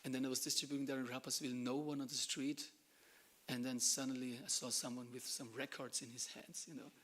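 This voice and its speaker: A man from Germany, giving an animated devotional class talk and dropping to hushed asides. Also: medium pitch, brisk. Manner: animated storytelling, acts out dialogue, drops to hushed asides. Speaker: temple lecturer.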